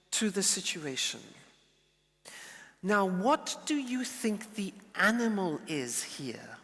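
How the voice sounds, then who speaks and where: A man giving a lively, playful lesson, acting out examples as he explains. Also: sits high. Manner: lively, playful, animated demonstrations. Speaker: teacher. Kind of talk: lecture with role-play. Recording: long reverberant hall.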